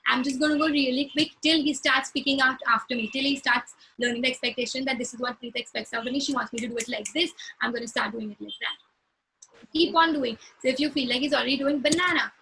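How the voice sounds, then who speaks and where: A woman's voice: high voice, fairly even intonation, quick pace, hardly any pauses, bright, forceful tone, slight background noise, low-quality recording. A woman speech therapist answering clinical questions in casual conversation, explaining with examples and acting out short phrases as she would say them to a child. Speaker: speech-language pathologist.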